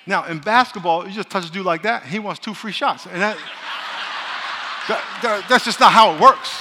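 In a large church hall with long reverb and some background noise, a male pastor preaches a sermon, joking with the congregation and leading call-and-response declarations. His voice sits high.

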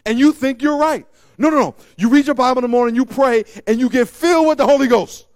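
Emphatic high-voiced male preacher. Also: quick pace, no room sound. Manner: emphatic, repeats phrases for effect; swings between loud preaching and quiet asides. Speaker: pastor. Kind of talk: sermon.

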